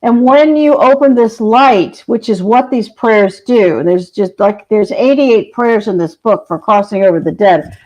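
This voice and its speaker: A woman's voice: mid-range voice, unhurried, darkish tone. A woman guest on a podcast telling spiritual stories in an earnest, compassionate way, recorded with dull lo-fi sound. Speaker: shaman guest.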